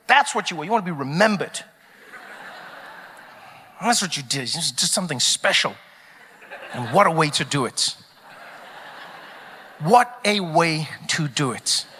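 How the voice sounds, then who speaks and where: A man performing a stand-up comedy routine, riffing in an animated, mock-puzzled way and acting out quotes. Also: high voice, slight background noise. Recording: reverberant hall, faint ambience.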